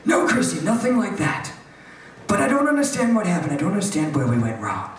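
A woman's voice: lowish voice, big pitch swings, brisk, distant mic, a little hiss or hum, voice pushed down. A woman voicing a worried, middle-aged Italian-American mother in a stand-up set. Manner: pleading, worried. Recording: roomy club heard from afar, loud crowd.

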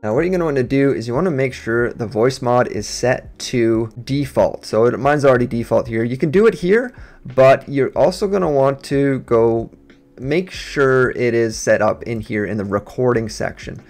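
Man streamer, casual tutorial walk-through, plain mid-pitch voice, USB desk mic. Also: normal speed, darkish tone. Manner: casual step-by-step instructions. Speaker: gaming streamer. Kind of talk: software setup tutorial. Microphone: USB desk microphone.

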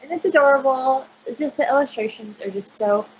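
A woman's voice: high voice, fairly quick, lo-fi sound, a little hiss or hum. A woman librarian chatting casually on a video call, gushing about picture books with lots of fillers. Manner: bubbly, gushing, filler-heavy.

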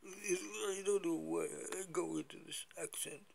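A man vlogging casually while he stretches, playful and laughing often as he gives shout-outs. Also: high-pitched, steady tone, a little slow, vocal fry. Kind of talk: casual chat during a stretching routine.

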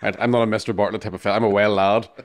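A man, co-hosting a podcast, telling profane stories at a rapid clip and often laughing. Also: on the low side, level tone. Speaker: podcast co-host. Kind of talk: casual storytelling chat.

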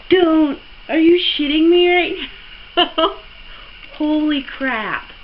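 Gushing high-voiced young woman vlogger. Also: slow, muffled recording, noisy background. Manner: gushing, gasping, breathless with excitement. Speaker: beauty vlogger. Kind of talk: excited unboxing vlog.

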